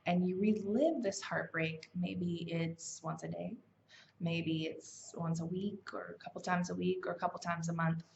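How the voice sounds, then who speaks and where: A woman's voice: on the low side, fairly even intonation, a little slow, gravelly, a little mellow, a little hiss or hum. A woman hosting a self-help challenge, talking in a casual, conversational way with fillers and self-corrections. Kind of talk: casual motivational teaching. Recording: slightly dull, lo-fi sound.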